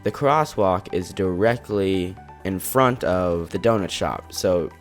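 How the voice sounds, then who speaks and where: Teen male vlogger, deep low voice, casual rambling anecdote, just out of bed. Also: slow pace, faint music behind. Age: teens. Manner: rambling, full of restarts and quoted dialogue. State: just woke up. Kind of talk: casual storytelling.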